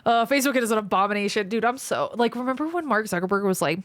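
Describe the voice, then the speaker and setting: A surgical trainee chats loosely on a live stream, reading comments from viewers aloud, with a frank, profane, quick-to-vent manner. Her mid-range voice is expressive, and there's no echo.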